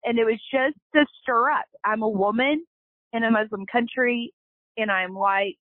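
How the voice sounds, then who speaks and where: A woman's voice: on the high side, normal speed, no echo. A woman, a company founder, telling her story as a guest in an earnest, emotional way. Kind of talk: casual storytelling interview. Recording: tinny phone line, dry.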